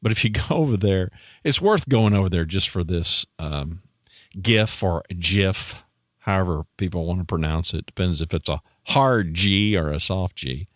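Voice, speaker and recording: Low-voiced man musing as podcast host. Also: expressive, moderate pace, few pauses, no echo, studio quality. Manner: rambling, self-deprecating, frequent restarts and chuckles. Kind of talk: casual reflective monologue.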